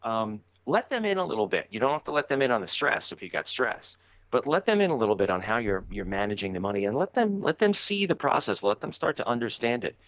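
A man co-hosting a podcast, giving earnest advice in a casual, halting way. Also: mid-range voice, very animated, fairly bright tone, dry recording. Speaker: podcast co-host. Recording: dull, dry remote audio.

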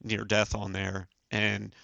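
A man in his forties, a podcast guest, telling a personal story in an earnest, halting way with many fillers. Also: lowish voice, monotone, gravelly, sharp tone, dry recording, lo-fi sound. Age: 40s. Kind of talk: casual storytelling.

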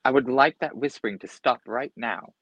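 A man voicing a firm, measured schoolteacher, reading a storybook aloud. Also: mid-range voice, fairly bright tone, breathy edge, no room sound, lo-fi sound.

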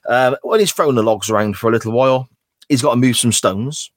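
A man's voice: mid-range voice, a little fast, dry recording. A man co-hosting a wrestling podcast, recapping a clip in a sarcastic, sweary, casual way. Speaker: podcast co-host. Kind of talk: casual chat.

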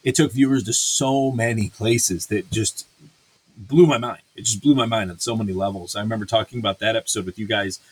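A man's voice: lowish voice, fairly quick, breathy edge. A man hosting a casual review chat, swearing freely and ranting with many fillers and restarts. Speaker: podcast host reviewing a series.

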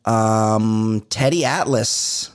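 A man's voice: drawn-out words, clean tone. A middle-aged man co-hosting a comedy podcast in casual chat, acting out little exchanges with big swings in his voice. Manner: animated, acts out exchanges with big pitch jumps. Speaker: podcast co-host.

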